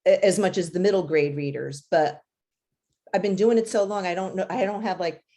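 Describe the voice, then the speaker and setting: A woman's voice: fairly low pitch, brisk, mellow. A woman who writes children's books, answering interview questions in a chatty way, with many fillers and light laughs. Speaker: children's author.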